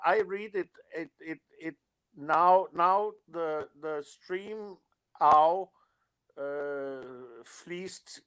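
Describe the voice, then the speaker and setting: A man's voice: fairly high pitch, a bit bright, clear, resonant tone. A man whose first language is Danish, chatting on a live stream and repeating words as he searches for them. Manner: halting, repeats words before getting them out. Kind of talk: casual live-stream chat.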